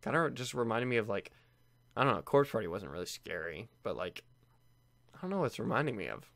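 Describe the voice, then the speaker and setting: Jumpy young man, gravelly and lively. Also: on the low side, a little fast, no echo. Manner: jumpy and nervous, repeats phrases. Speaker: let's play gamer. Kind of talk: casual gameplay commentary reading game text aloud.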